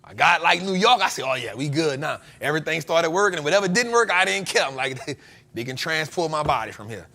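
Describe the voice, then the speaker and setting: A man's voice: fairly high pitch, lively intonation, fairly quick, vocal fry, pushed and bright. A man, the host of a show, telling a story in a casual, slangy way and laughing often. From United States.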